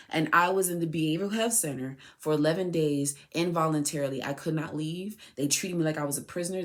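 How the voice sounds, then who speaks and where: Woman, lowish voice, impassioned personal monologue, heated, rhetorical questions. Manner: heated, repeats and restarts phrases. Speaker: mother addressing her son.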